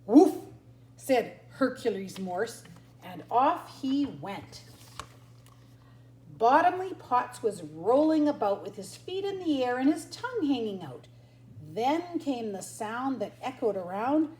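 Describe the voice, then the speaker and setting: Older woman reading slowly, animated. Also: fairly high pitch, slight background noise. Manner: sing-song, lively storyteller, barks and yips for the dogs. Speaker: grandmother reading to grandchildren. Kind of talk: reading a picture book aloud. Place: at home. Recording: roomy echo.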